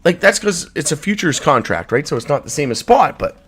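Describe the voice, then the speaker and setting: A man's voice: big pitch swings, fairly quick, a little hiss or hum. Furious profane man ranting on a livestream. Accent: Canadian English. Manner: furious, profane, swinging from shouting to low mutters. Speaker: crypto livestream host. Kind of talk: angry livestream rant.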